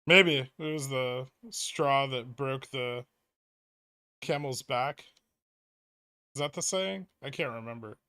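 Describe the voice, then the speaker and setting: A man hosts a trading livestream, casually reading viewer questions aloud and answering them in a dry, offhand way. His medium-pitched voice is slow, smooth and sharp in tone, with frequent pauses and no echo.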